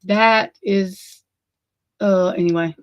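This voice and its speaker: A woman's voice: mid-range voice, fairly even intonation, takes it slowly, lo-fi sound. A woman hosting a casual true crime livestream, sleepy and yawning, rambling and swearing in exasperation as she talks to her chat. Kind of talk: casual live commentary.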